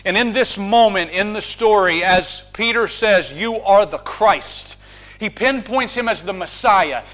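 A man preaching a sermon, building from calm scripture reading to fervent proclamation. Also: high voice, unhurried.

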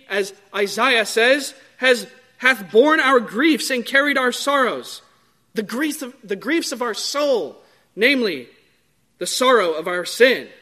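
Man, sermon, high voice, emphatic, drawn-out stresses. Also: bright, forceful tone. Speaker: preacher.

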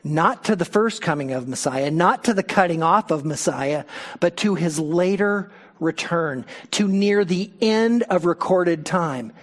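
Slow, emphatic male pastor. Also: high voice, expressive. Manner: emphatic, explanatory teaching with rhetorical questions. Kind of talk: expository Bible sermon.

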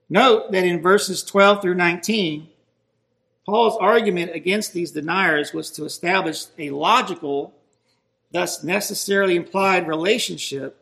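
A man's voice: on the high side, gravelly, a bit bright. A man preaching a sermon, emphatic and building in intensity as he stresses his points.

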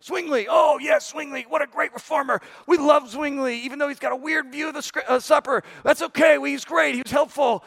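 Guy doing a snarky seminary prof, high and fake-excited, teasing his class. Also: fairly quick, gravelly, hardly any pauses, in a large hall, exaggerated voice. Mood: mock-enthusiastic. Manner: mocking, exaggerated enthusiasm. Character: sarcastic male seminary professor quizzing students.

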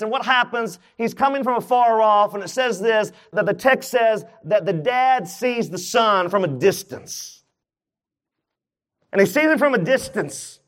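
A man's voice: high-pitched, a little slow. A man preaching a sermon, retelling a Bible story and acting out its characters' voices. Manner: acts out the story's voices with rising excitement. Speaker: pastor.

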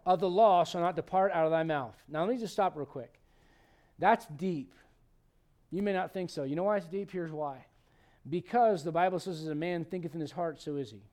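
A male pastor preaching a sermon, animated and conversational, with frequent restarts. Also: a little high, moderate pace.

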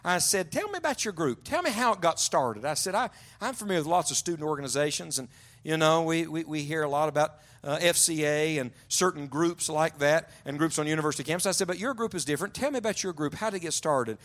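A man preaching a sermon to young adults, telling stories and often dropping to a hushed, low voice for emphasis. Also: fast talker. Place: large church auditorium.

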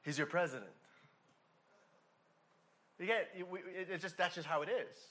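A pastor preaches a sermon in a high-sitting male voice, fairly bright in tone and at a moderate pace. He is emphatic, hammering single words, with frequent restarts and acted-out asides.

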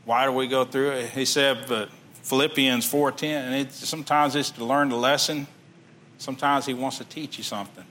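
A man's voice: mid-range voice, fairly even intonation, normal speed, fairly bright tone, a little hiss or hum. A man preaching a sermon, reading scripture aloud and then explaining it in plain everyday talk.

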